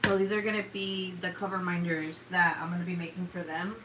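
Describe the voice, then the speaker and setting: A woman's voice: on the low side, little pitch movement, brisk, very noisy. A tired young woman chatting casually in a late-night livestream, rambling and swearing with lots of fillers. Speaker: vlogger.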